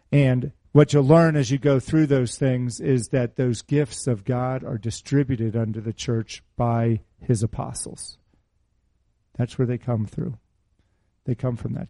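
A man's voice: medium pitch, warm tone, no echo. A middle-aged man preaching a sermon, mixing scripture with a personal story and asking his listeners questions in a conversational manner. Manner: conversational, asks the audience questions.

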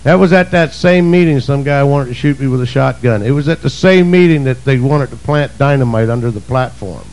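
A male preacher delivering a sermon, emphatic and swinging between shouts and low asides. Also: a little fast, hardly any pauses, low-quality recording.

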